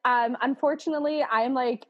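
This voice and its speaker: A woman's voice: sits high, steady tone, normal speed. Bubbly chatty woman, lo-fi sound. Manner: bubbly, swearing, laughs often, lots of "like". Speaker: podcast host. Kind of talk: casual chat.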